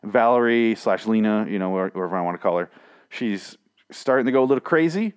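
A man's voice: lowish voice, fairly quick, clean tone. A man casually recapping a TV episode, swearing and sarcastic, rambling with lots of restarts. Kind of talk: casual spoken recap and review.

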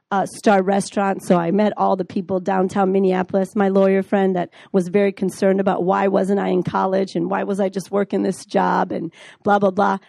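A middle-aged woman teaches a class on the Bible, telling her own testimony like a lively storyteller. She acts out the dialogue as she goes. Her mid-range voice sounds dry and close, with no room echo. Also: medium pitch, vocal fry.

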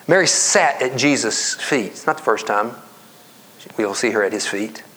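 Conversational male pastor preaching. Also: pushed and bright. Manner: conversational preaching, rising to emphatic highs and dropping to whispers. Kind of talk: sermon.

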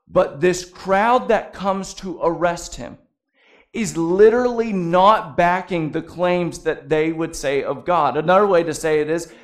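Young male pastor, fairly high voice, easygoing sermon delivery with dry jokes. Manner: conversational preaching with humorous asides.

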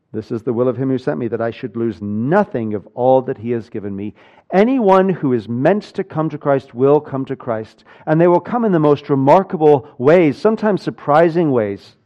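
A man preaching a sermon, telling a personal story with animated swings between loud and hushed delivery. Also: medium pitch, normal speed, dull audio. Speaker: pastor.

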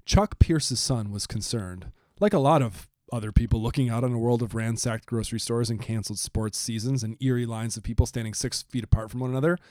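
A man co-hosting a casual podcast, joking with his co-host and reading quotes aloud at a slow pace. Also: medium pitch, a little mellow, no room sound, clean studio sound. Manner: reads quotes aloud slowly, jokey. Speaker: podcast co-host, biblical studies teacher.

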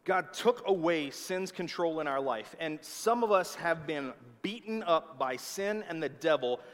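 A man's voice: fairly high pitch, lively intonation, a little slow. A man preaching a sermon with emphatic delivery, often checking in with his listeners. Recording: long hall reverb.

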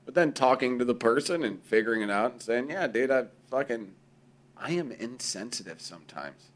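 Animated, profane man chatting casually. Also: mid-range voice, moderate pace. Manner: profane, animated, acts out quoted voices. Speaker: podcast co-host. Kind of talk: casual conversation.

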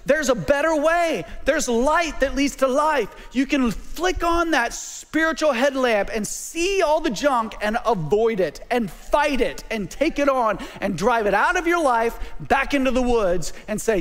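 A man preaching a sermon as pastor, calling for amens and dropping to a hush at times. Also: very high voice, in a large hall. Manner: call-and-response preaching, swinging from loud to hushed.

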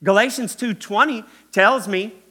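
A man's voice: high voice, measured pace, slightly rough. A male pastor preaching a sermon, acting out the quotes and speaking straight to the congregation. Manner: animated preaching, acts out quotes, addresses crowd as guys and y'all.

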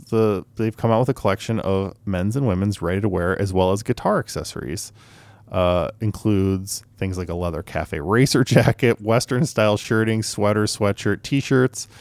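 A man's voice: lowish voice, a little mellow, no room sound. A man co-hosting a podcast, joking and swearing in casual chat. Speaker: podcast co-host.

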